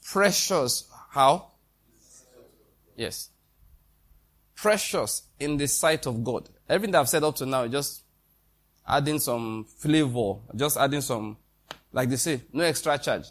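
A man's voice: medium pitch, unhurried, long pauses, fairly bright tone. A man preaching a sermon in a conversational way, with quoted dialogue and questions to the congregation.

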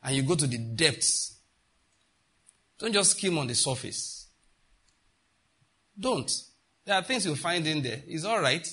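A man's voice: a little high, lively intonation, measured pace, pauses often, bright, forceful tone, slightly rough. A middle-aged man, preaching a sermon emphatically and asking the congregation rhetorical questions. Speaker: pastor.

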